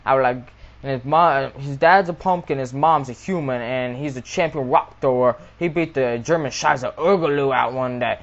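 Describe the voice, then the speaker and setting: Rambling young man, lo-fi webcam sound. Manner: rambling, rapid, doing high-pitched silly voices for the people he quotes. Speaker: comic storyteller. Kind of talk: rambling absurd comedy monologue. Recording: dull lo-fi webcam audio.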